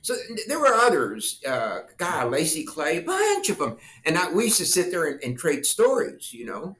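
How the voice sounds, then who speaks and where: An older man and former politician tells anecdotes with animated flair, slipping into quoted voices and laughing along. His voice sits a touch high and rings bright and forceful. The room gives it a noticeable echo. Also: moderate pace, few pauses. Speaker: guest, former congressman. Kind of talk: storytelling interview talk.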